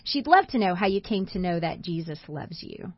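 A woman's voice: fairly low pitch, lively intonation, normal speed, husky, no room sound. A woman hosting a Christian talk show, speaking encouragingly to listeners and guests. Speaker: radio show host. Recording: dull lo-fi sound.

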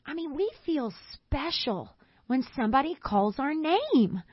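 A woman co-hosting a Bible discussion, an animated storyteller who acts out the quotes she tells. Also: sits high, unhurried, no echo, dull audio. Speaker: co-host.

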